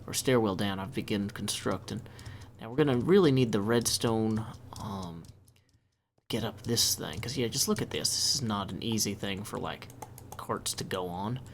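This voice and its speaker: A man talking through his gameplay in a chatty, upbeat way, thinking aloud as he builds. His voice sits at a middling pitch, with a faint hiss of noise behind it. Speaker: let's play host. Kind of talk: casual gameplay commentary.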